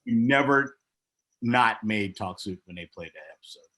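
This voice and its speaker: A man with a fairly low voice tells a long backstage story in a relaxed interview. He is middle-aged and animated. He jumps high in pitch whenever he acts out what someone else said. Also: normal speed. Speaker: guest, former pro wrestler.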